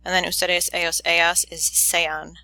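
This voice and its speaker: Woman teacher, low-ish voice, unhurried methodical delivery, dry close sound. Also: no echo. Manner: methodical, steady step-by-step explaining; corrects own slips quickly. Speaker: Spanish teacher. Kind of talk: recorded grammar lesson.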